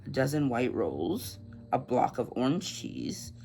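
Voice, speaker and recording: A man's voice: medium pitch, sing-song, unhurried, vocal fry, dark tone, slight background noise. A man casually recapping a novel for a book vlog, reading passages aloud and chatting with lots of fillers. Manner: chatty, filler-heavy, laughs at grim scenes. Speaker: book vlogger.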